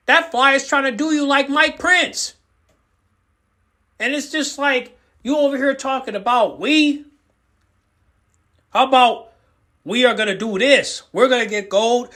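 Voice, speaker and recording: A man's voice: very high-pitched, pushed and bright. A man giving ranting reaction commentary as a YouTube host, emphatic and repetitive, hammering the same words over and over. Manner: fired-up, lecturing the viewer.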